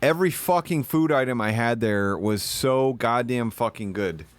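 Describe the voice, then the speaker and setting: A man streaming live, telling rambling, profane stories in casual chat and now and then bursting into shouted put-on voices. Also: medium pitch, animated, moderate pace, smooth, no echo.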